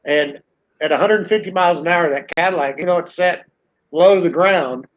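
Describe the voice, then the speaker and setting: A man recalling his experiences in a relaxed, matter-of-fact way during a casual chat with friends. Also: fairly high pitch, normal speed, muffled recording.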